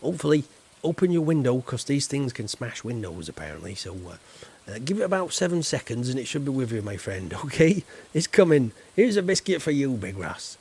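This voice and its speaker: Gravelly, chatty man streaming a game. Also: medium pitch, very animated, brisk, darkish tone. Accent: southern English. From Yorkshire, England. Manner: chatty, playful, talks straight to chat viewers. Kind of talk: casual live-stream chat while gaming.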